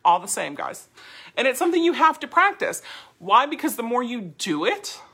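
A bright, gravelly-voiced woman leads a dog training lesson. She talks in a chatty, animated way and slips into playful voice demonstrations. Her tone is slightly husky. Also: on the high side, normal speed. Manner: lively, chatty teaching with playful voice demos.

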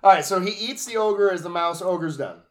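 A man's voice: high voice, normal speed. A young man hosting a podcast who reads a fairy tale aloud and jokes crudely through it, laughing often. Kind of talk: casual comedic chat.

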